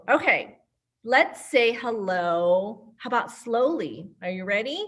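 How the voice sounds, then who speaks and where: A woman librarian leading an online storytime for toddlers, her voice sitting high and bright in pitch. She takes her time, speaking slowly and cheerfully in a sing-song way, coaxing the children and their grown-ups to join in over a video-call mic. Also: big pitch swings, breathy edge. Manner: upbeat, sing-song, encouraging, talks to children and caregivers.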